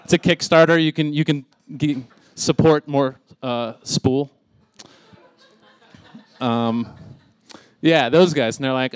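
A man's voice: mid-range voice, fairly even intonation, slow, long pauses, smooth, dry recording. Rambling stand-up comic man in his thirties. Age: 30s. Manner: rambling, self-amused, laughs at own jokes. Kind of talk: stand-up comedy set.

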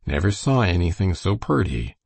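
A man voicing a rustic horseman, drawling, sly, husky, dry close sound. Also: deep voice, very animated, normal speed, darkish tone, no room sound, full character voice.

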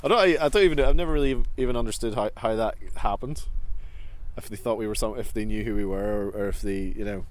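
A man's voice: fairly low pitch, quick pace, a little hiss or hum. A man recalling his teenage years in casual chat, rambling and laughing often, recorded outdoors in a park. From Northern Ireland. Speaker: guest. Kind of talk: casual reminiscing.

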